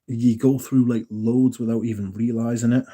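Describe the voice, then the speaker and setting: A relaxed, dark-toned English man talks loosely to his livestream chat. He rambles, trips over his words and corrects himself, then drops in a casual swear or a joke. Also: mid-range voice, moderate pace. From England. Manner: rambling, self-correcting, jokey and profane. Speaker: livestream host.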